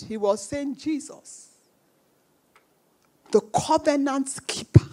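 A woman's voice: high voice, big pitch swings, a little slow, long pauses. A woman preaching a sermon with emphatic repetition, acting out the voices of the people in her stories. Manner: emphatic, repeats phrases, acts out quoted voices.

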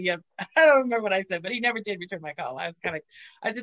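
A woman hosting a podcast talks in a bright, forward voice, laughing often through raunchy stories. Her sound is dry and close, with no room around it. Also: fairly low pitch, animated, very fast, no room sound. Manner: giggly, crude, storytelling with frequent "you know". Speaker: podcast host. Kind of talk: casual podcast chat.

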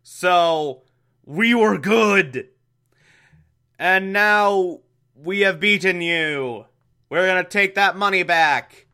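A man's voice: sits high, very slow, long pauses, sharp tone, clean tone, pitched above the performer's own voice, exaggerated voice. A man voicing a smug, heroic male crime-fighting duo, declaiming in a lightly raised voice.

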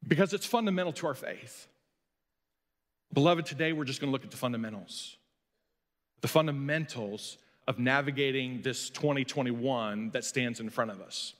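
A middle-aged man who is both a pastor and a high school coach preaches a sermon at normal speed in a medium-pitched voice. His delivery is folksy and self-deprecating, full of storytelling, and long hall reverb colors the recording.

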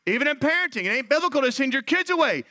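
A man in his thirties preaching a sermon as pastor, animated and acting out quoted voices. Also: very high-pitched, rapid-fire, dry recording.

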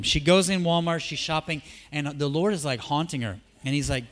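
In a church, a man preaches a sermon full of stories, his voice a little high for a man. His delivery is animated and conversational, brisk with few pauses, shifting from relaxed storytelling to loud, emphatic peaks and back down to soft asides.

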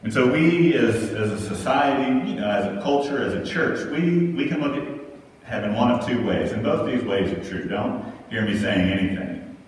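A man's voice: mid-range voice, expressive, normal speed, slight background noise. A man in his thirties from Texas, preaching a sermon in a conversational way and often checking in with "right?". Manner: conversational, keeps asking "right?". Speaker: pastor. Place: large church sanctuary. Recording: echoey hall, mic far off.

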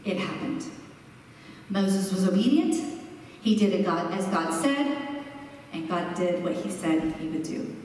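A woman preaching a sermon, expressive and slowing down for emphasis. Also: lowish voice, slight background noise. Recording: echoey hall, mic far off.

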